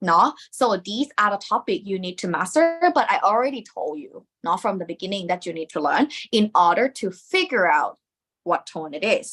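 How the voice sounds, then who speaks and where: A woman's voice: mid-range voice, expressive, fast, a bit bright, slightly rough. A woman with a Thai accent teaching a live online lesson, explaining step by step and dropping Thai particles into her English.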